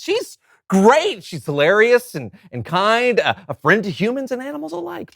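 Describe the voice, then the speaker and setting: A man's voice: sits high, huge pitch swings, normal speed, vocal fry, a bit bright, no echo. A man co-hosting a children's comedy sketch, speaking in a teasing, playful way. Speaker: co-host.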